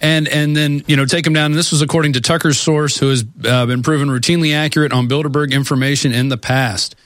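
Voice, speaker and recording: A man co-hosting a political talk show, explaining in a measured way. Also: on the high side, fairly even intonation, a bit bright, no room sound, studio quality.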